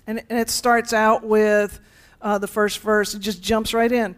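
A woman's voice: medium pitch, little pitch movement, a little slow. Woman pastor giving a conversational sermon with a playful touch. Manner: conversational, playful asides to the congregation.

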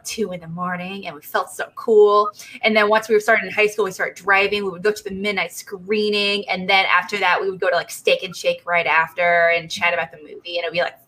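A woman with a bright, forward tone talks on a casual panel. She reminisces in a chatty way, full of fillers and asides. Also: medium pitch, rough recording. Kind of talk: casual chat.

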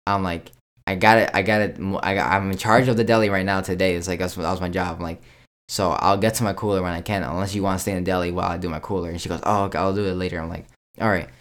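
A man's voice: deep voice, rapid-fire. A young man chatting casually as a podcast co-host, telling a work story with lots of "I'm like" and acted-out back-and-forth. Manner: animated storytelling, acts out quoted exchanges; frequent restarts and "I'm like". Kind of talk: casual chat.

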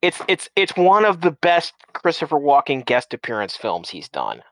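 A man's voice: a little high, huge pitch swings, moderate pace, fairly bright tone, dry recording, rough recording. A man in casual chat who rambles, restarting and repeating words often.

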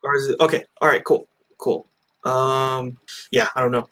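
A man's voice: medium pitch, little pitch movement, normal speed, fairly bright tone. A man hosting a casual movie review chat over an online call, rambling with lots of fillers and restarts. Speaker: podcast host. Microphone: own mic on an online call.

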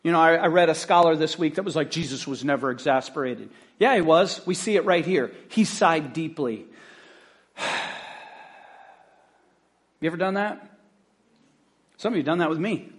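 Pastor guy giving a chatty sermon, high voice, animated storytelling. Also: fairly quick. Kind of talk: casual sermon.

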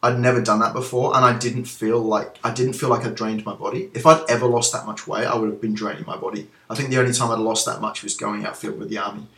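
A man's voice: lowish voice, flat delivery, fast, hardly any pauses, fairly bright tone. A man who once owned a gym, being interviewed and talking candidly and reflectively, with plenty of fillers and restarts. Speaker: guest, former gym owner. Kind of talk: casual interview chat. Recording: echoey room.

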